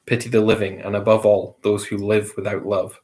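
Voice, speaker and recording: A man with a slightly low voice hosts a casual quiz among friends. He reads each question at an easy pace and repeats it, with the odd light chuckle. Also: little pitch movement, fairly quick, darkish tone. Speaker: quiz host.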